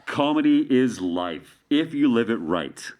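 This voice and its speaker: A man's voice: medium pitch, sing-song, measured pace, a little mellow. A Canadian man talking as a guest street artist in a casual interview, playful and rambling, full of jokes.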